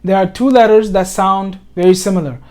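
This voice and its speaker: A man giving an informal tajweed lesson over a screen share, patient, repeating himself with many fillers and slowing down to recite each phrase. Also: high-pitched, fairly even intonation, darkish tone. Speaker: Quran recitation tutor.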